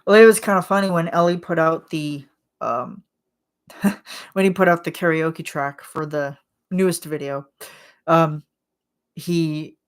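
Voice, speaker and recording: A woman chatting casually to her channel in a lowish voice. She talks slowly and rambles, with plenty of filler words and quick laughs. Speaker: channel host. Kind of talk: casual monthly chat vlog.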